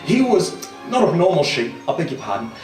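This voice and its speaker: Giggly, theatrical comic storyteller. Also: male voice, a little high, big pitch swings, brisk, a little mellow. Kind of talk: live comedy storytelling. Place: small live performance venue. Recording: echoey venue, far from mic, music.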